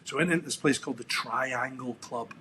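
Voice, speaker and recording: A middle-aged Scottish man guests on a podcast, his mid-range voice moving fairly quickly over background noise. In a casual interview chat, he tells stories reflectively and ramblingly, restarting often and saying "um" a lot.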